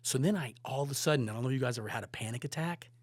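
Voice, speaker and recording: Brief: male podcast guest, mid-pitched, animated storyteller with loud bursts and hushed asides. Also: rapid-fire, slightly rough, dry recording. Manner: animated, swearing, swings between loud and hushed. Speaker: guest photographer and director. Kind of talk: casual storytelling.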